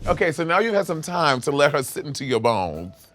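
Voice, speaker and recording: Lively, laughing male chat host. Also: on the high side, fairly quick, faint music behind. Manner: animated, laughs often, playful teasing. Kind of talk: casual chat.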